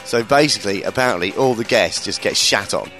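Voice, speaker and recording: A man in his late thirties, a comedian hosting a podcast, telling stories in casual chat, swearing freely and mimicking people in a high voice. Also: brisk, a bit bright, faint music behind. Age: 30s.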